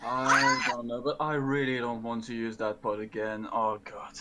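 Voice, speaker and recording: A man's voice: medium pitch, little pitch movement, normal speed, heavy background noise. A man playing a tabletop game, hesitant and wry, slipping into his character's lines. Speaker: player.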